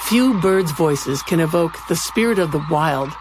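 A woman hosting a radio nature segment, reading a scripted narration in a calm, measured way. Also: low voice, loud music behind the voice. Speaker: radio program host.

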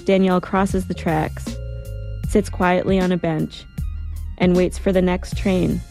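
A woman calmly narrating a first-person story with a reflective tone. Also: on the low side, unhurried, creaky, faint music behind. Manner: calm, reflective.

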